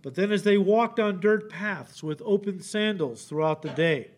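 A male pastor preaching an expository sermon in a church, animated and acting out the quotes he reads, often checking in with "okay?". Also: sits high, moderate pace. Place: church sanctuary.

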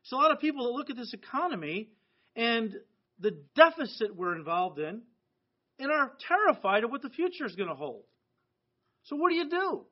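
A man's voice: extremely high pitch, very animated, a little fast. A middle-aged American man preaching a sermon to his church in an earnest, conversational way. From United States. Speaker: pastor. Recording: dull lo-fi sound.

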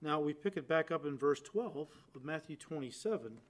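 A man preaching a sermon, stressing phrases loudly and dropping to quiet, low endings, turning to the listeners and acting out quoted lines. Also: animated, moderate pace. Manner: addresses listeners directly, acts out quoted lines.

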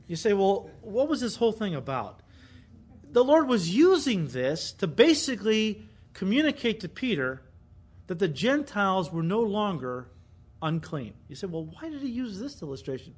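High-voiced man preaching animatedly. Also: normal speed, slightly rough. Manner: animated preaching, acts out quoted voices with sudden loud emphasis. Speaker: pastor. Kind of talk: sermon.

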